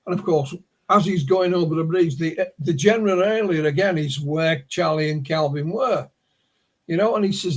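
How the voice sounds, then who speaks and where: Husky northern English man telling a story. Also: fairly high pitch, normal speed. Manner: storytelling, restarts words. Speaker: guest researcher. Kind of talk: podcast interview, recounting a case.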